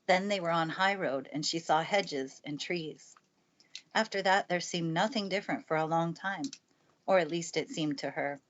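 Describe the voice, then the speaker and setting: A woman with a lowish voice reads a classic children's book aloud in a calm, steady manner. She is recorded with a studio mic in a family room by the fireplace. The sound comes across a bit dull and lo-fi. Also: normal speed. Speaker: narrator. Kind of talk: live storybook reading aloud. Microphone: good studio mic.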